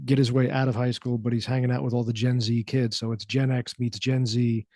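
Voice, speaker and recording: Calm, soothing-voiced man guest. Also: medium pitch, a little fast, no echo, clean studio sound. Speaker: actor and filmmaker, guest. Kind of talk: casual interview. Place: radio studio.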